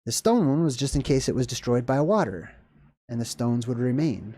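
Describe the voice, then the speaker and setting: A man hosting a casual talk video, reading a passage aloud and breaking off into rambling, excited asides. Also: medium pitch, moderate pace, dry recording. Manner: rambling, animated asides with laughs and restarts. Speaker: video host. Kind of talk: casual lecture reading and commenting on scripture.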